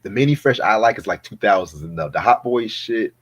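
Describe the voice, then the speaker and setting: A man co-hosting a casual talk show, animated and incredulous, laughing often between remarks. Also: lowish voice, fairly quick, husky, no room sound. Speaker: podcast co-host. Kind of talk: casual chat.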